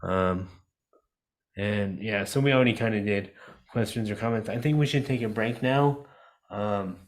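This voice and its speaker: A man with a somewhat low voice teaches a class over a video call. His delivery is relaxed and conversational, full of fillers and restarts. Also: moderate pace. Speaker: disability advocate teaching a class. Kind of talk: casual online lecture.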